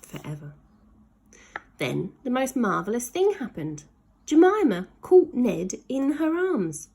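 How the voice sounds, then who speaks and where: A woman reads a children's story aloud, slow and expressive. Her voice is husky and gravelly, and it rises and falls with wide, lively swings of pitch.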